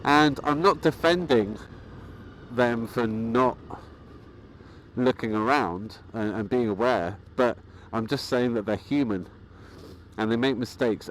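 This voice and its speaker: Calm rambling man, faint traffic. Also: lowish voice, low-quality recording. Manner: calm, rambling, with frequent fillers and restarts. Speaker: motorcycling vlogger. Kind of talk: casual vlog monologue.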